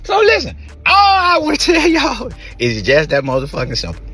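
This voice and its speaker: A man delivering a profane rant with frequent laughs between lines. His pitch jumps wildly from low to very high. The voice sounds husky and rough. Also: wildly swooping pitch, brisk, bright, forceful tone. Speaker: rapper speaking in a clip.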